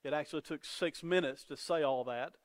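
A man's voice: a little high, a little fast. A man preaching a sermon as pastor, earnest, often repeating words as he starts a sentence. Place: church sanctuary. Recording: long reverb of a church hall.

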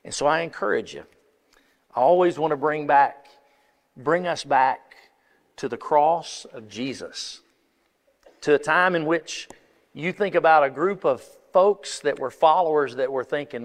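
A pastor preaching an impassioned sermon, building to emphatic peaks and often restarting phrases. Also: male voice, on the high side, measured pace, long pauses. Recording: long reverb of a large hall.

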